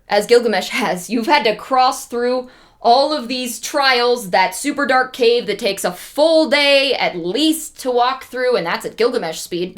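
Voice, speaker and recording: A woman's voice: on the high side, a bit bright. A woman streamer casually retelling an ancient epic in a chatty, humorous way, with lots of asides. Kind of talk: casual storytelling.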